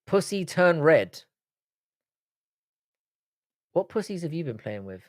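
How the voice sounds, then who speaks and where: A man's voice: fairly high pitch, big pitch swings, slow pace. Crude, bantering man with a London accent. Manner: banter-heavy, crude, reads chat aloud. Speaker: livestream host. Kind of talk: casual live-stream chat.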